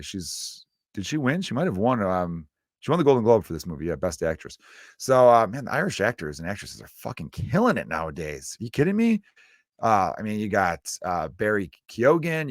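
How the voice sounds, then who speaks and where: Rambling low-voiced American comedian. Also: male voice, dry recording, studio quality. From United States. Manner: rambling, self-mocking, loose and profane. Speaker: stand-up comedian podcast host. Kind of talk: casual solo podcast rant.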